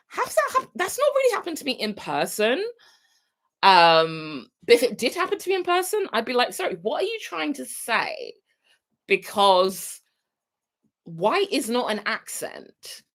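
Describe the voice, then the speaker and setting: British woman vlogger, chatty and rambling, lively up-and-down voice, casual live stream host. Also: medium pitch. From United Kingdom. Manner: chatty, rambling, wanders off topic. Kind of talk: casual chat to viewers.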